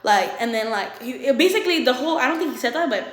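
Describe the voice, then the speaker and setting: Animated young woman telling a story. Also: high-pitched, fast talker. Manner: animated, swearing, laughing asides. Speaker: vlogger. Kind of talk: casual storytime. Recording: echoey room.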